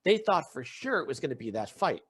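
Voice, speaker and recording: A man hosting a podcast speaks fairly quickly in a medium-pitched, sing-song voice. While casually retelling a story, he acts out the quoted parts and repeatedly begins his sentences again.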